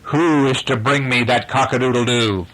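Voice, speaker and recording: A man's voice: medium pitch, steady tone, moderate pace, a bit bright, voice pushed up, natural voice, low-quality recording. A man voicing a cruel pirate captain who hisses and purrs his threats in a bedtime story. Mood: menacing. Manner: theatrical, hissing and purring threats.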